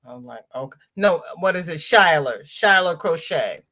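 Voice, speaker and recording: A woman's voice: deep voice, lively intonation, normal speed, a bit bright. A woman hosting a casual crochet livestream, chatting in a rambling way and reading viewer comments aloud. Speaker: crochet channel host reading live chat.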